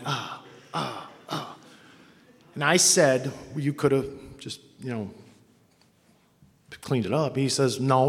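A man from Cleveland telling his own recovery story to a meeting, wry and self-mocking, acting out the people he quotes. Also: fairly high pitch. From Cleveland, Ohio. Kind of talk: personal story told to an audience. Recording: long reverb from a hall.

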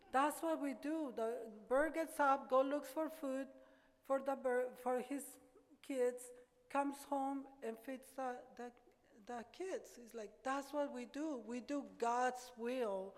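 Older woman, personal testimony, earnest and halting, repeats words, fairly high voice, reverberant meeting hall. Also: darkish tone. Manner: earnest, halting, repeats words as she gathers her thoughts. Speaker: speaker sharing her recovery story.

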